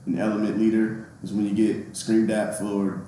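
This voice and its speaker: A man with a fairly low voice speaks as a podcast guest, relaxed and reflective, chuckling now and then. The room is very echoey. A faint hum sits behind him. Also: moderate pace. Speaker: recruiting training and evaluation NCO, guest. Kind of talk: casual interview chat.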